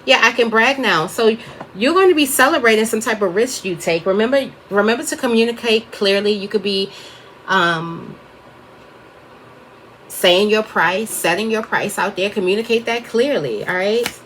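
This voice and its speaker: A woman's voice: medium pitch, moderate pace, fairly bright tone, a little hiss or hum. A woman giving a casual tarot reading, chatty and wandering off topic as she talks to her viewers. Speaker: tarot reader.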